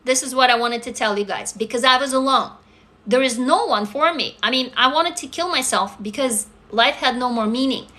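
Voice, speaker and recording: Woman on a phone livestream, kinda high bright voice, swears a lot, reads comments. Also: normal speed. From Russia. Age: adult. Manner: blunt and profane, reads viewer comments aloud. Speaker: livestream host. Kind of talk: live stream chat reading comments.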